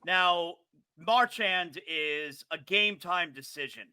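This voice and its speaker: Excitable high-voiced male sports host. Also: slow pace, clear, resonant tone. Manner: excitable, chatty. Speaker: sports talk show host. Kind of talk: casual sports talk with ad read.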